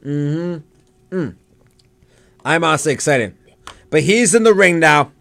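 A young man chatting casually as he watches wrestling live, excited and rambling with lots of fillers. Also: high voice, measured pace, gravelly, no echo, clean studio sound. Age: young adult. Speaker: student vlogger.

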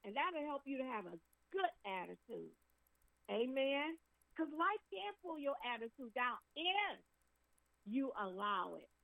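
Gravelly woman pastor preaching. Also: high-pitched, very animated, fairly bright tone, no echo, rough recording. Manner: preaching, drawing out scripture words slowly; greets online viewers by name. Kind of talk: sermon.

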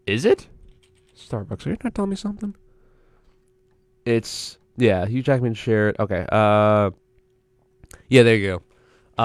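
A man's voice: fairly low pitch, no room sound. A young man hosting a college radio show, rambling and correcting himself as he thinks aloud in a casual solo chat.

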